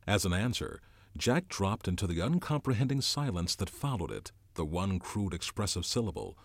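A man reading a novel aloud in an expressive, dramatic narration. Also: low voice, moderate pace, no room sound.

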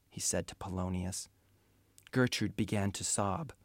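Low-voiced male storybook narrator. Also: a little slow, no echo, clean studio sound.

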